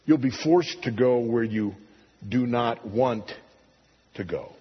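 A man preaching a sermon, pastor-style, emphatic and full of rhetorical questions, his pitch jumping up on key points. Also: slow, husky. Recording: dull recording in a reverberant hall.

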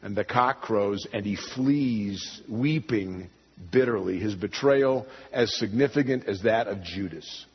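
A man preaching a sermon, pastor-style, emphatic and full of rhetorical questions, his pitch jumping up on key points. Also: a little slow, breathy edge. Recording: dull recording in a reverberant hall.

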